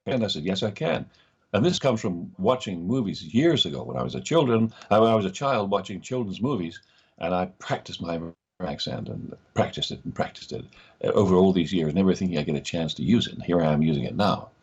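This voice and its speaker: Older scottish man, very deep voice, husky, anecdotal storytelling, dull lo-fi recording. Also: lively intonation, quick pace. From Scotland. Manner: acts out quoted voices in his stories. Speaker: actor guest.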